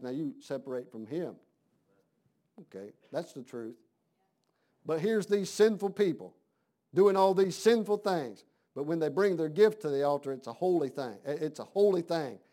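A man's voice: sits high, mellow. A man preaching a sermon in a folksy, conversational way, asking his congregation questions.

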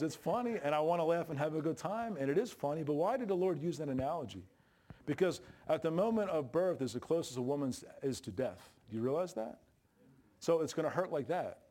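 A man's voice: on the high side, darkish tone. A man preaching a sermon in a church, folksy and joking, with plain colloquial grammar. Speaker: pastor. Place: church sanctuary. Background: congregation responses.

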